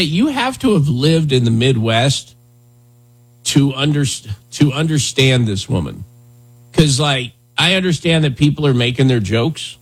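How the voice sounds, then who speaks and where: A man's voice: fairly high pitch, breathy edge. A man hosting a casual talk show, rambling with many fillers and restarts. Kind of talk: casual talk radio chat.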